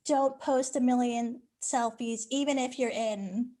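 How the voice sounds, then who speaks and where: A woman chatting on a video call, telling stories in an animated way and laughing often. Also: on the high side, measured pace. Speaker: speech language pathologist. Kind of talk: casual chat on a video call.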